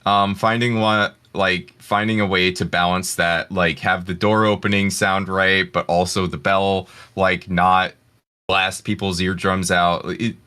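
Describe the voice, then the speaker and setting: A man's voice: deep voice, flat delivery, measured pace, pushed and bright, smooth. A man who voices ASMR audio, answering in a casual podcast discussion and stumbling and restarting as he goes. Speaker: ASMR voice actor.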